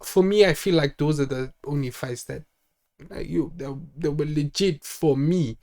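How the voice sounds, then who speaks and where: A young man talks casually on his own channel and rambles from point to point. His voice sits a little high for a man. He restarts his sentences often and fills the gaps with "like". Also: moderate pace, warm tone. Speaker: channel host. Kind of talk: casual solo talk.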